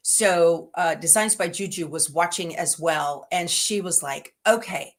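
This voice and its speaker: A middle-aged woman, chatting casually as host of a livestream and talking to viewers in a homey, rambling way. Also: unhurried. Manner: chatty and homey, talks to her dogs in a high baby voice.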